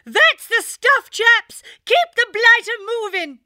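A man's voice: very high voice, sing-song, a little slow, sharp tone, no room sound, clean studio sound, pitched above the performer's own voice, heavily acted. A man voicing a jolly, plummy young woman adventurer who talks in breezy upper-class slang. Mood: cheering.

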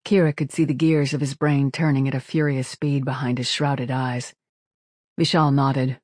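A man narrating an audiobook in a steady, measured voice at middle pitch. The sound is dry and close, with no room at all. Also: no room sound. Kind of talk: scripted narration.

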